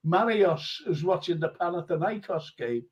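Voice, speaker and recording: A man's voice: high voice, expressive, moderate pace. Chatty man hosting a muffled live stream. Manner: chatty, laughs often, reads viewer comments aloud. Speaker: host of a live fan show. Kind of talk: casual live-stream chat.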